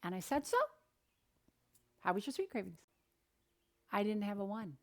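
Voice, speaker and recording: A middle-aged woman nutritionist giving an animated, encouraging talk, sharing stories from her counseling work. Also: mid-range voice, normal speed.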